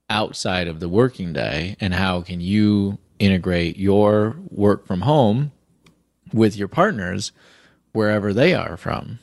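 A man co-hosting a relationship podcast in casual chat, talking in an earnest, reflective way and posing big framing questions. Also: low voice. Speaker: podcast co-host.

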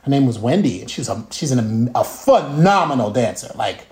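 A man in his fifties, a guest telling lively, profane stories and acting out the people in them. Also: mid-range voice, moderate pace. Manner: lively, profane, quotes people in put-on voices. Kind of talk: casual storytelling. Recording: echoey room.

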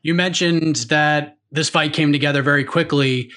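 A man hosting an interview who asks brisk, plain questions. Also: on the high side, fairly even intonation, pushed and bright. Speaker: interview host.

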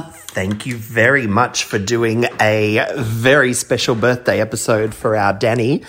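A man's voice: on the low side, a bit bright. A man from Australia, a DJ, telling a self-deprecating anecdote in a chatty recorded message. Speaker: DJ sending in a story.

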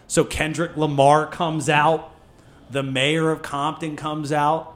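Man, higher register, animated and profane, casual interview storyteller. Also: slow. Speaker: food nonprofit co-founder.

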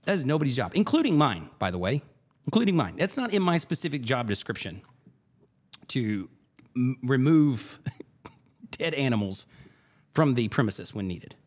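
A man hosting a podcast, telling a story in a casual, animated way and repeating phrases for emphasis. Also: medium pitch, moderate pace, pauses often. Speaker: podcast host.

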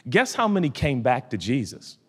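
A male pastor preaching, swinging between loud emphatic passages and quiet, intimate asides. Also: mid-range voice, very animated, normal speed, husky. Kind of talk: sermon. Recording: hall reverb.

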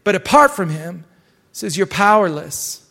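High-voiced pastor preaching in a reverberant church. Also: male voice, animated, moderate pace, gravelly, sharp tone. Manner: exhorting, repeats phrases for emphasis. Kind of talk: live sermon. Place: church sanctuary. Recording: long church hall reverb.

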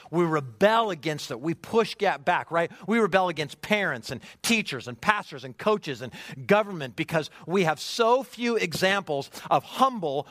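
A man preaches in a lively, conversational way, throwing rhetorical questions at his listeners. His voice sits high and swings widely in pitch. The sound is dry and close. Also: no room sound. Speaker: pastor. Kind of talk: sermon.

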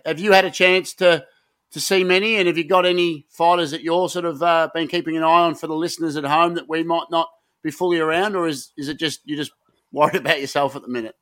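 A man co-hosting a podcast, jokey and excitable, rambling between topics. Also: on the high side, no room sound. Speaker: podcast co-host. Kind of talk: casual podcast chat.

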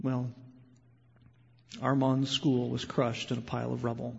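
A male pastor preaching a sermon, moving between loud, impassioned emphasis and quiet, hushed storytelling. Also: mid-range voice, monotone, a little slow, gravelly, husky. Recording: lo-fi sound with long hall reverb.

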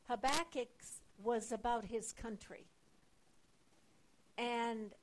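A woman teaching from the Bible in a sermon, her voice high and her delivery unhurried. She stresses her points emphatically, building intensity as she speaks. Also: rough recording. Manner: slow, emphatic preaching with rising urgency.

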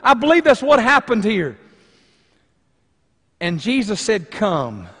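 Male pastor, high-pitched, dynamic pulpit delivery in a reverberant church hall. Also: lively intonation, measured pace, slightly rough. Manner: dynamic preaching, swinging between loud emphasis and hushed lines. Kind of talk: sermon. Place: church sanctuary.

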